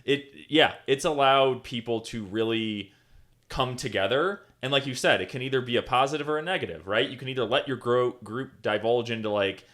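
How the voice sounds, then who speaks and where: Relaxed male podcast co-host. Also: mid-range voice, fairly quick. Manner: relaxed, many fillers and agreeing yeahs. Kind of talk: casual interview talk.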